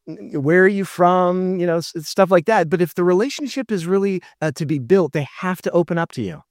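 A man's voice: sits high, expressive, fast talker, a little mellow, no echo, clean studio sound. A man preaching a sermon as pastor, earnest and full of rhetorical questions.

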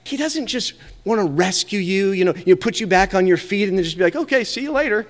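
Male pastor, earnest conversational sermon, slightly high voice, long church reverb. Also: expressive, a little fast. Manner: earnest, conversational preaching with rhetorical questions. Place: church sanctuary.

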